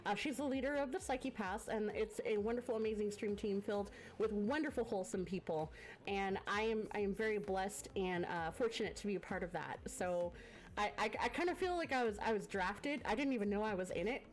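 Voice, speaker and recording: A woman with a brisk, mid-range voice chats casually with her live audience while hosting a guest on her variety stream. She's congested from a cough, speaks into a desk microphone, and gushes thanks, filler-heavy.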